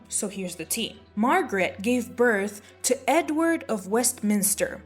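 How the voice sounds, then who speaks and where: A woman's voice: mid-range voice, expressive, unhurried, hardly any pauses, faint music behind. A woman host telling history in a casual, gossipy way, full of sassy, playful asides. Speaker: history vlogger. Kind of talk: casual chatty storytelling.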